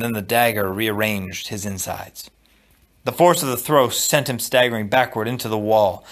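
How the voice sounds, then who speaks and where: A man reading a novel aloud in a steady, measured narration. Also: medium pitch. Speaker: audiobook reader. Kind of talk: storybook read-aloud.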